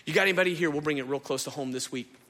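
A man's voice: on the high side, racing. A man preaching a sermon in a church, casual and conversational, acting out the people in his story. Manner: animated, conversational, acts out the people he describes. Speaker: pastor. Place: church sanctuary. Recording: reverberant hall.

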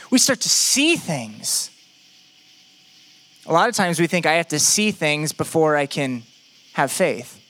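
Young male preacher, high and bright voice, lively delivery, acts out inner voices and talks straight to the crowd. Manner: animated, acts out imagined prayers and quotes; addresses the congregation directly with joking asides. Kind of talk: sermon.

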